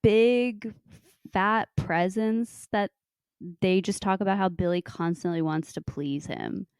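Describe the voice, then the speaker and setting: A woman co-hosting a relaxed podcast, her voice smooth and clear as she shares opinions and laughs along. The recording is dry and close, with no room sound. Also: mid-range voice, slow pace, dry recording. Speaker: podcast co-host. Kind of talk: casual chat about a TV show.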